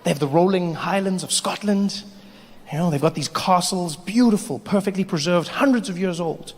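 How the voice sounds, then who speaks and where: Comedian guy, playful, high voice, big echoey hall with crowd noise. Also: normal speed. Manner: animated, playful, slips into voices. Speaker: stand-up comedian. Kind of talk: stand-up comedy set. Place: large live venue.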